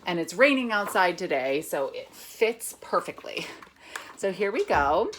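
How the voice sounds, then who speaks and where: A woman teacher reads a picture book aloud to children and chants its words in a steady beat. Her fairly low voice swings widely up and down as she talks. She gives patient, unhurried instructions. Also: a little hiss or hum. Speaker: music teacher.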